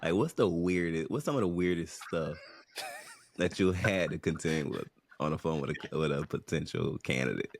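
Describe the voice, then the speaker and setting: A man co-hosting a podcast, asking questions in a relaxed way with drawn-out fillers. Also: extremely low pitch, creaky. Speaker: podcast co-host. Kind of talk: casual podcast chat.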